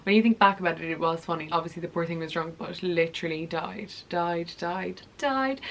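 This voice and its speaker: A woman's voice: lowish voice, fairly quick, few pauses. Chatty young woman vlogging. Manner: chatty, animated, acts out quoted dialogue. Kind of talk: casual storytelling to camera.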